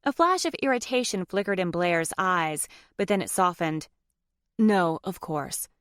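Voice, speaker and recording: A woman's voice: on the low side, very animated, moderate pace, a bit bright, clean tone, no echo, clean studio sound. Woman narrating an audiobook romance. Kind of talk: scripted narration.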